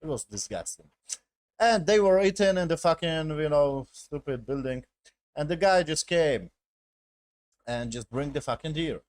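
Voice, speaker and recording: A man's voice: a little high, expressive, moderate pace, darkish tone, dry recording. Dry-voiced man rambling through a recap. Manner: rambling, profane, keeps asking "yes?" and saying "basically"; non-native English with broken grammar. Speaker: episode reviewer. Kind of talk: casual spoken recap.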